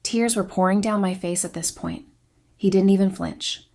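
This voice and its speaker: A woman narrating a first-person story in a steady, confessional way. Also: medium pitch, normal speed.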